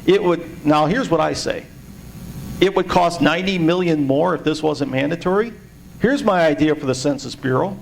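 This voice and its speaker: A man's voice: on the high side, moderate pace, gravelly, slight background noise, rough recording. A man giving a sarcastic, indignant presentation to a party meeting. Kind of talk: informal speech to a meeting.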